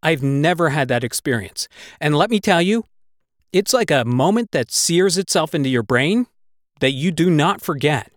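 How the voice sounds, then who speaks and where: A man's voice: on the high side, animated, moderate pace, no room sound. A man recounts a gripping personal story, swearing freely as the words tumble out. His delivery turns heavy with emotion at times. The sound is dry and close, with no room around it. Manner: swears constantly, breathless retelling; emotional, gets worked up.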